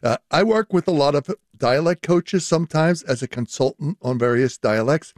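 Older professor explaining. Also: male voice, a little high, moderate pace, dry recording, clean studio sound. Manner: explanatory, with fillers and restarts. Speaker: linguistics professor, guest. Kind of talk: radio interview.

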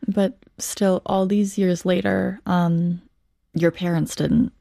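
A woman interviewer asking gentle, hesitant questions in a conversational interview. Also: fairly low pitch, fairly even intonation, takes it slowly, vocal fry, no echo, clean studio sound.

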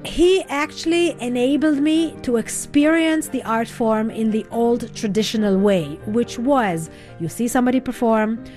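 A woman with a slightly high voice tells her own story as a radio interview guest. She is reflective yet expressive and slips into other voices when she quotes them. Music plays clearly behind her.

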